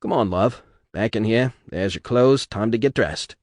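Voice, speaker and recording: Guy doing a blunt protective husband, easygoing, lowish voice. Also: moderate pace, no echo, studio quality, natural voice. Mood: firm. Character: protective working husband, plain-spoken and blunt.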